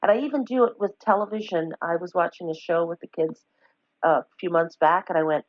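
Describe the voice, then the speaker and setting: A low-pitched woman, winding through her thoughts and correcting herself as she goes. The audio is dull and lo-fi, with a dry, close sound and no room around the voice. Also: brisk, dry recording. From Newfoundland, Canada. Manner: rambling, self-correcting, warm storytelling with laughs. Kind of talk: casual conversation.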